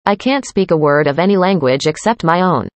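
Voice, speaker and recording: Woman reading practice dialogues, low voice. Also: expressive, a little fast, no room sound. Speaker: dialogue reader. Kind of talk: scripted conversation practice.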